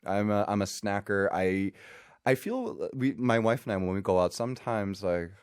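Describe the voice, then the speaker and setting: Low-voiced man hosting a radio talk. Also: normal speed, clean tone, dry recording, studio quality. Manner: relaxed, explanatory, many fillers and hums of agreement. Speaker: radio host. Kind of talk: casual radio chat.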